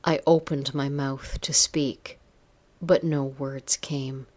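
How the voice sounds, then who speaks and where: A woman narrates a first-person story in a soft, intimate voice. She reads at an unhurried, slow pace and keeps her voice pitched low. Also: steady tone.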